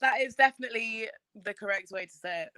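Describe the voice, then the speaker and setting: A woman from England with a London accent chatting casually, relaxed and quick to laugh. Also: on the high side, dry recording, low-quality recording. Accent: London English. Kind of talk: casual chat.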